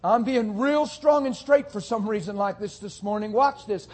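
Male preacher, high-pitched and husky, fervent sermon delivery. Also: normal speed, few pauses, darkish tone.

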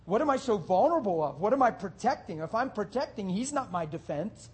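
A male pastor preaching a sermon, dropping soft and low at times and building to loud, rapid rhetorical questions. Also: sing-song, breathy edge. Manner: swings from soft and low to loud, high-pitched exhortation.

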